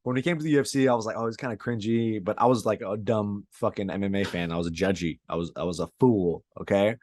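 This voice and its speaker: A man chatting casually as a podcast co-host, slipping in curses and "dude" as he riffs. His voice sits a little low and sounds dry and close, with no room around it. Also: fairly even intonation, quick pace, a little mellow, no echo. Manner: loose, profane, says dude a lot. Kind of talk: casual sports chat.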